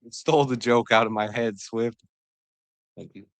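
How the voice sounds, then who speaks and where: A woman hosting a live draft reaction stream, excitable and joking, answering chat as she goes. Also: a bass voice, moderate pace, dry recording.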